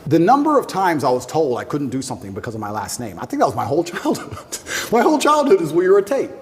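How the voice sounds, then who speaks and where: A man in his thirties speaks fast and forcefully in a high, lively voice, firing rhetorical questions as an interview guest. His voice rings out with a long reverb. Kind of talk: emphatic interview talk.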